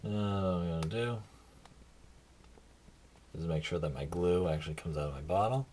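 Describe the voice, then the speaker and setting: A man's voice: deep voice, normal speed, darkish tone, slight background noise. A tired man talking casually through his hobby crafting work, rambling and self-deprecating. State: tired, yawning. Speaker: hobby video maker.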